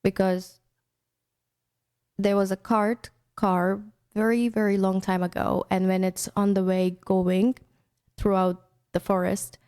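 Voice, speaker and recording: A woman's voice: mid-range voice, little pitch movement, slow, a little mellow, clean tone. A young woman from India, hosting an internet radio show in casual, chatty storytelling talk with many restarts.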